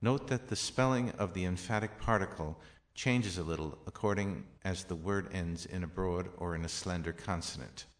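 A man teaching a recorded language lesson, reading each example slowly and clearly. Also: sits low. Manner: slow, measured, careful enunciation of each example.

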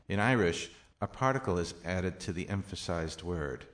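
A man teaching a recorded language lesson, reading each example slowly and clearly. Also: low voice, expressive, fairly bright tone. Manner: slow, measured, careful enunciation of each example.

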